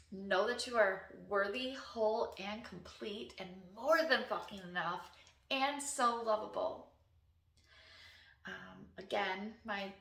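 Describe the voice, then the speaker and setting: A woman's voice: mid-range voice, a bit bright, reverberant, recorded from a distance. A woman wellness coach, talking unscripted and earnestly to camera, encouraging and sometimes emotional. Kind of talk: unscripted heartfelt talk to camera.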